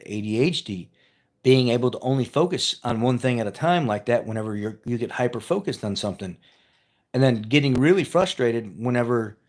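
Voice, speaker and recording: A man telling a personal story in a casual, rambling way, repeating himself and chuckling as he goes. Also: mid-range voice. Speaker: vlogger.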